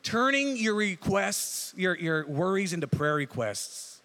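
A man's voice: high voice, big pitch swings, measured pace, bright, forceful tone. A man preaching a casual, joking sermon, often asking his listeners "right?" as he goes. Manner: conversational, jokey, asks the crowd "right?". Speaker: pastor.

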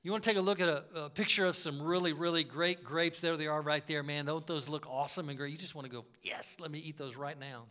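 Bright, high-voiced preaching man. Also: fairly even intonation, fast, few pauses. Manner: earnest preaching, swings between loud emphasis and soft asides. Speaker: pastor. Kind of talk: sermon.

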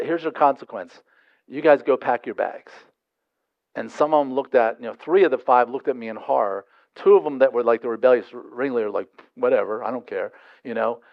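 A man's voice: on the high side, no room sound, highs cut off. A man preaching a sermon, asking rhetorical questions and telling stories in a conversational way. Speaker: pastor.

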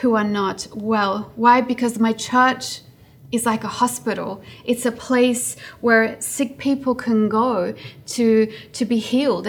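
A woman preaching a sermon in an earnest way, building her points through repetition. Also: on the high side.

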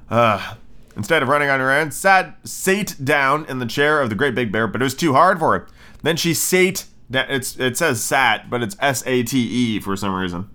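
Podcast host, male, bright tone, casual reader, swears freely. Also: mid-range voice, animated, normal speed. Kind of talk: casual storybook reading with profane commentary.

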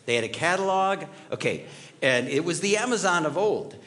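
A man's voice: on the high side, expressive, moderate pace, a bit bright. A middle-aged man preaching a sermon in a conversational way, telling personal stories and asking his listeners questions. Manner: conversational, storytelling, asks the audience questions. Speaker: pastor.

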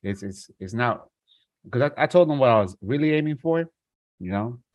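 A man in casual chat, talking in a relaxed, slangy way with many fillers. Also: mid-range voice, moderate pace, dry recording.

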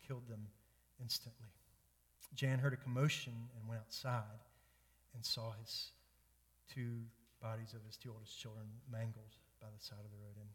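Pastor, male, mid-pitched, earnest emphatic sermon with long church reverb. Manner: earnest, emphatic, repetitive build-ups.

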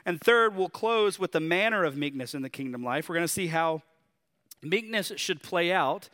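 A man with a Southern drawl preaching a sermon in a conversational, animated way, asking his listeners questions. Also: fairly high pitch, moderate pace. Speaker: pastor.

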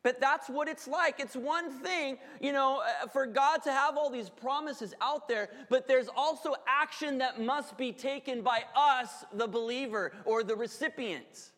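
High-voiced pastor in a reverberant hall. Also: male voice, unhurried, few pauses. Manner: lively, joking asides to the congregation. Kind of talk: sermon. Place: church hall.

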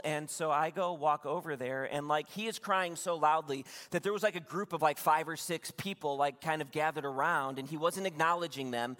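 A young adult man gives a sermon as the pastor, sharing a story in a relaxed, confiding tone and turning to the congregation with asides. His voice sits a little high for a man. The sound carries a long reverb from a large hall. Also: a little fast, hardly any pauses.

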